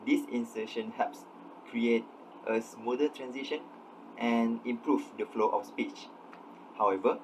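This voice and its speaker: A man's voice: mid-range voice, slight background noise, poor audio. A young man, a student, reading a scripted class presentation and explaining examples step by step in a methodical way. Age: young adult.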